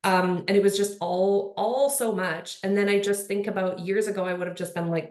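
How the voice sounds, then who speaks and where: A woman's voice: mid-range voice, steady tone, normal speed, few pauses, darkish tone. A woman speaking on a panel in casual conversation, earnest and rambling, with lots of "like" and "you know". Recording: roomy echo.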